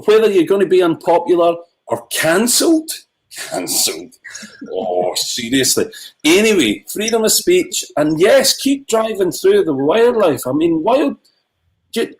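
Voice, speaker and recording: A man's voice: high-pitched, moderate pace, low-quality recording. A middle-aged man on a video call, a filmmaker ranting with passion in a livestream Q&A. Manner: impassioned ranting, animated. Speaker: filmmaker guest.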